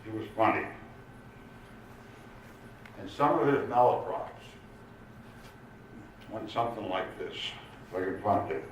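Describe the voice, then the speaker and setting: An older man tells jokes at a slow, unhurried pace with a lively, rising and falling voice. He is picked up from across an echoing community room, with faint room ambience behind him. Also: fairly low pitch, a little hiss or hum. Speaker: amateur comedian. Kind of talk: stand-up joke telling. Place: community room at a retirement village. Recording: echoey room, mic far off, faint ambience.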